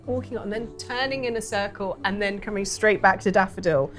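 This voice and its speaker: A woman's voice: mid-range voice, a little fast, soft background music. A woman narrating a tabletop game as game master, chatty and giggly, with many hesitant fillers.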